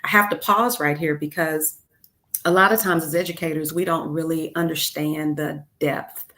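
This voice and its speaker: A woman's voice: low-pitched, steady tone, normal speed, pushed and bright. A middle-aged woman, an education leader interviewed as a guest, telling earnest stories with frequent ums and uhs. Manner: earnest, many fillers like um and uh. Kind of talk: interview storytelling.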